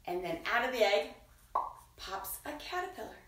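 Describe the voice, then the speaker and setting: A woman reading a picture book aloud to children in a playful, sing-song way, dipping into soft whispers. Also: mid-range voice, sing-song, normal speed, recorded from a distance, a little hiss or hum. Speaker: children's storyteller. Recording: roomy echo, voice from away from the mic.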